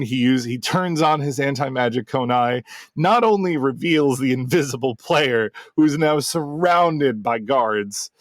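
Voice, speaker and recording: Male game master and podcast host, gravelly, dry close sound, rambling casual storytelling. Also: mid-range voice, normal speed, no echo. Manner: rambling, full of fillers and restarts.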